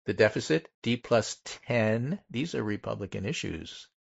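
A low-pitched man talks through political poll findings in a measured way and leans on each figure. The audio is dull and lo-fi. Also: expressive, vocal fry, husky. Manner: methodical, pauses to stress numbers. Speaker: political podcast host. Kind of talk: casual political chat, reading poll findings.

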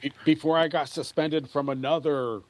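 An opinionated man talks politics casually, leaning hard on key words as he tells his stories. His voice sits a little high for a man. The recording is dry and close. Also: steady tone, normal speed, dry recording. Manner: opinionated, emphatic storytelling.

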